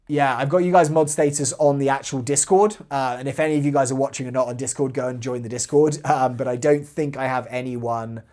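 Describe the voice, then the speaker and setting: A man's voice: mid-range voice, steady tone, fairly quick, hardly any pauses, a little mellow. A man hosting a live airsoft stream, chatting casually and reading out viewer comments between giveaway talk. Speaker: airsoft channel host.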